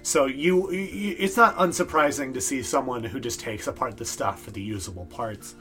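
A male game master narrating a tabletop game in a mid-pitched, everyday voice. He rambles loosely, with lots of fillers and restarts. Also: normal speed, bright, forceful tone, faint music behind.

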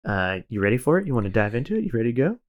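A man's voice: medium pitch, very animated, very fast, highs cut off. A man hosting a podcast in casual chat, rambling and self-deprecating, laughing often. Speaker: podcast host.

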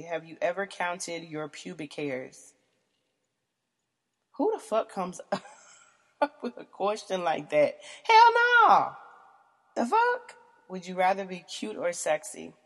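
A young woman vlogger reading out questions and answering them in a casual, blunt, profane way, often laughing. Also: fairly low pitch.

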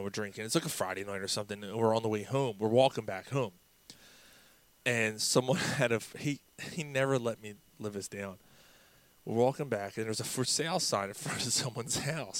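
A man with a bright, forceful voice tells bar stories in an easygoing, animated way. He laughs often and acts out his friends' lines. The sound is dry and close. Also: on the low side, no room sound. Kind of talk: casual storytelling chat.

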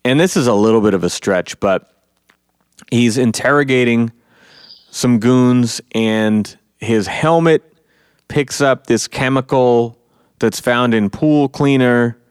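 Smooth-voiced man breaking down a comic. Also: medium pitch, slow pace, dry recording, studio quality. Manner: animated storyteller, acts out quotes. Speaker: podcast co-host. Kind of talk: casual comic book discussion.

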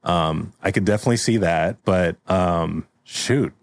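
A man's voice: deep voice, measured pace, dry recording. A man co-hosting a comedy podcast, rambling and laughing as he brainstorms with friends. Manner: rambling, laughs often, trails off. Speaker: podcast co-host. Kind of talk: casual comedic chat.

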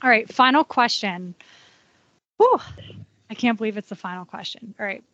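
A woman hosting a podcast as a running coach, bubbly and quick to laugh. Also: medium pitch, bright, forceful tone, dry recording. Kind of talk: casual interview chat. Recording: dry, slightly dull audio.

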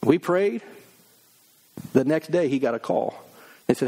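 A man's voice: fairly high pitch, lively intonation, a little slow, mellow, husky. A middle-aged man preaching a sermon, emphatic, acting out the voices of people he quotes. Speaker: pastor.

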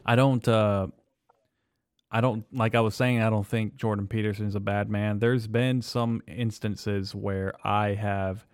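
A low-voiced man hosts a podcast with a flat, even delivery. He is measured and agreeable and often hedges his views. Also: no echo, studio quality. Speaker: podcast host. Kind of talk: casual podcast interview.

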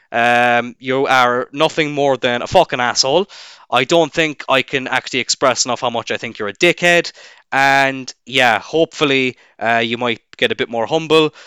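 A man's voice: medium pitch, bright, forceful tone, clear, resonant tone, dry recording. Irish referee, young man, swearing and sarcastic, dry close recording. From Ireland. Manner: profane, sarcastic ranting. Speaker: wrestling referee. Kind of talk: casual rant to camera.

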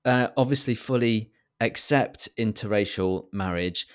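A man's voice: on the low side, unhurried, clear, resonant tone. A man co-hosting a podcast in casual chat, hesitant and stumbling over words. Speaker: podcast co-host.

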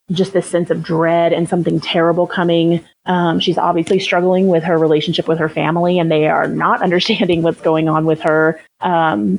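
A woman's voice: on the low side, gravelly, a little mellow, rough recording. A young woman co-hosting a podcast, chatting casually with lots of fillers and frequent laughs. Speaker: podcast co-host. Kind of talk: casual chat.

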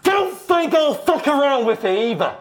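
A man voicing a gruff, menacing male Yeti with a London accent who swears and calls people mate, in an improvised comedy podcast bit. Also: very high voice, big pitch swings, moderate pace, slight background noise, heavily acted.

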